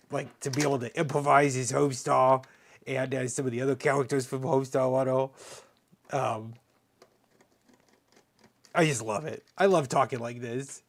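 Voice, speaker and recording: On a live stream, a man with a medium-pitched, gravelly voice chats casually while taking apart hardware. He rambles, pokes fun at himself and mutters under his breath as he works.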